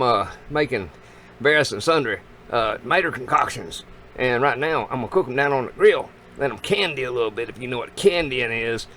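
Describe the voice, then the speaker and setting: A middle-aged man, telling a long, rambling story to the camera in a folksy, animated drawl while grilling outdoors. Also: medium pitch, slight background noise. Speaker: vlogger.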